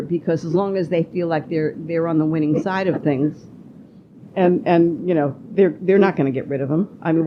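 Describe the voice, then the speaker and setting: Opinionated woman host, low voice. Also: dull audio, a little hiss or hum. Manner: animated, opinionated, rising to exclamation. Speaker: podcast host. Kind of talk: political interview.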